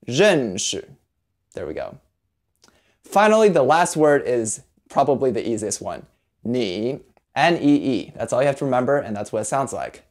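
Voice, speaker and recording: A language teacher giving a video lesson, patient, spelling sounds out slowly and carefully. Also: mid-range voice, big pitch swings, a little mellow.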